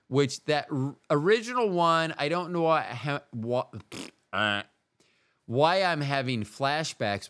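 A man hosts a solo podcast in a loose, wandering monologue, often breaking off mid-thought. His voice is smooth and clear at a middling pitch. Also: fairly bright tone. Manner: meandering, self-interrupting, wry. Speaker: podcast host.

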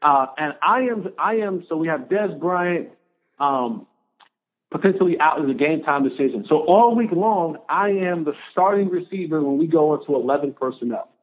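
A man, a former football player, telling a story as a podcast guest, animated and repeating phrases for emphasis. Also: fairly high pitch, normal speed. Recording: tinny phone-line audio.

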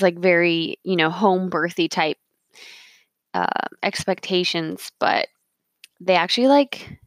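Young mother, lowish voice, dry close sound, chatty rambling storyteller full of fillers. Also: no room sound. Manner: rambling, many "like" fillers, emotional retelling. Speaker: mother telling her birth story. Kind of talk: casual personal storytelling.

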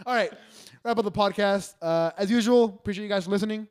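A man co-hosting a casual podcast, talking fast with lots of swearing, jokes and laughter. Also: high voice, clear, resonant tone. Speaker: podcast co-host.

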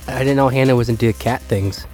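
A man's voice: medium pitch, fairly quick, over music. A young man co-hosting a podcast while sick and tired, with a nasal voice, rambling in casual chat with lots of hesitations. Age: young adult. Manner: rambling, self-deprecating, hesitant. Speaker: podcast co-host.

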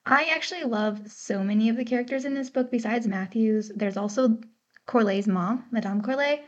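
A slightly high, moderately paced female voice belongs to an American woman co-hosting a book podcast. The talk is casual and chatty, with frequent laughter and some uncertainty over pronunciations, all captured on a dull lo-fi podcast mic.

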